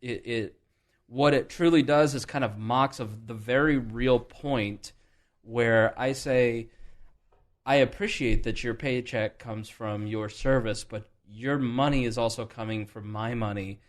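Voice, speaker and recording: A man's voice: medium pitch, steady tone, unhurried. A man hosting a podcast, talking candidly and thinking aloud in a casual political discussion. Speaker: podcast host.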